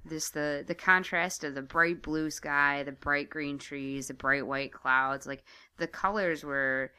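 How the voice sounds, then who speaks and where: A woman co-hosting a casual talk show, telling stories in a lively way. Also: low voice, slow, smooth. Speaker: podcast co-host. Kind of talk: casual chat.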